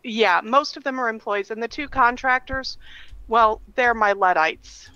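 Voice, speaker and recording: A woman's voice: fairly high pitch, measured pace, sharp tone, clean tone, dry recording, dull audio. A woman calling into a live stream, explaining her work in a friendly, casual way. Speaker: caller. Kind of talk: casual conversation.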